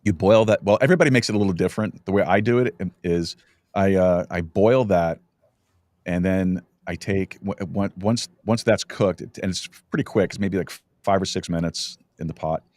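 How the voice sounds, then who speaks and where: A middle-aged man hosting a podcast, chatting casually and telling stories with lots of halting restarts. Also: deep voice, darkish tone, no room sound. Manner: rambling, halting storyteller with many restarts. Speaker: podcast host. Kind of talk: casual chat. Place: podcast studio.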